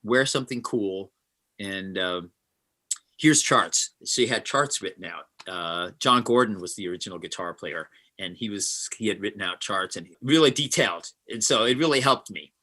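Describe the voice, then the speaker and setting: Man, interview guest, animated storyteller, bright tense tone. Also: lowish voice, fairly quick, few pauses. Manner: animated, acts out quotes. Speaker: session guitarist, guest.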